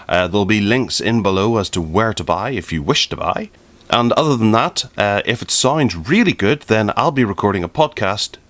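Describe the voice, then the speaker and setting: A man with a very low, deep voice talks through a product review in a relaxed, chatty way. He hosts a tech podcast and often restarts his sentences mid-thought. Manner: chatty, self-correcting, relaxed asides.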